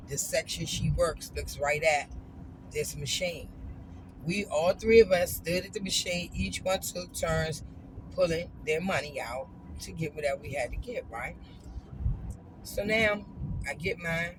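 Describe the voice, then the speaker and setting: A woman's voice: deep voice, background noise. A woman vlogger telling a casual, emphatic story straight to her viewers.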